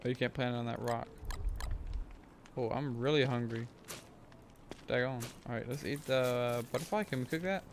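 A man casually talking through his gameplay as a streamer, rambling and thinking aloud, with sudden excited whoops. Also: medium pitch, normal speed, long pauses, background noise. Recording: game music playing under the voice. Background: game music.

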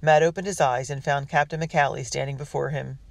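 A man's voice: medium pitch, steady tone, brisk, gravelly, no room sound. A man narrating a children's adventure story, reading steadily with small slips and restarts. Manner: reads with small slips and restarts, voicing characters. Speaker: audiobook narrator. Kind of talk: scripted narration.

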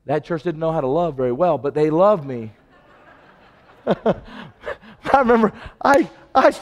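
A man preaching a sermon, telling stories and acting out the dialogue, his voice swinging from loud to hushed. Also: fairly high pitch, animated, normal speed, pauses often, long reverb tail. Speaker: pastor. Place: church sanctuary.

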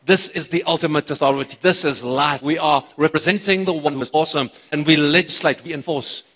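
A man with a South African accent preaching a sermon, excitable and chatting with the congregation between points. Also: a little high, brisk. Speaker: pastor. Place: church auditorium. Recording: reverberant church hall.

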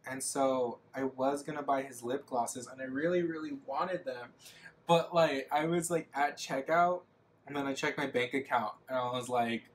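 A man's voice: mid-range voice, steady tone, normal speed, slight background noise. A young man rambling casually in a get-ready-with-me makeup vlog, heavy on fillers and self-mocking asides. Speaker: makeup vlogger.

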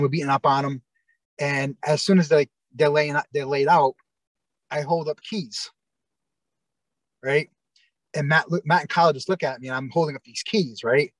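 Interview guest, male, slightly raised pitch, dry close sound, rambling storyteller. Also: dry recording. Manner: rambling, many fillers and restarts.

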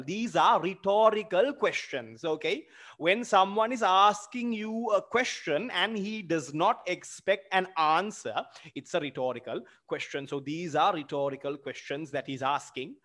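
High-voiced Sri literature teacher. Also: male voice, a little slow, a bit bright. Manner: explains terms patiently, tags lines with "okay?" and "my friend". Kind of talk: explaining a play in a seminar.

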